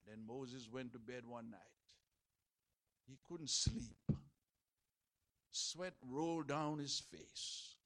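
A man preaching a sermon, dramatic, moving between loud shouted passages and hushed, quiet ones. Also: mid-range voice, steady tone, slow, pauses often, dry recording.

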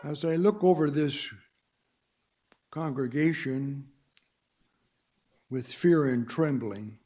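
A man's voice: fairly high pitch, takes it slowly, dark tone, faint music behind. A man preaching a sermon to a congregation, emphatic and full of rhetorical questions.

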